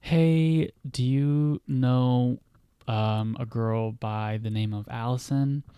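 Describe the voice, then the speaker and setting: A man's voice: mid-range voice, warm tone, smooth, no room sound, studio quality, close to an everyday voice. A man doing a hesitant teenage boy. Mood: worried. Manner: hesitant, halting questions. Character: anxious teenage boy searching for a missing girl.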